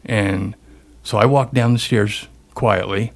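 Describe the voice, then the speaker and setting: A middle-aged man with a fairly low voice is the guest here, telling a story in a lively, animated way. He slips into the other people's lines as he tells it. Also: slow. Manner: animated storyteller acting out dialogue. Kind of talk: storytelling interview.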